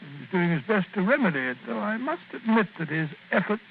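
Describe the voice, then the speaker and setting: A genial, flustered companion who stammers through his account. His voice sits fairly high in a 1940s radio play. It comes through tinny, with faint hiss. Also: sing-song, fairly quick. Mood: recounting. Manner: hesitant, chatty, stammering.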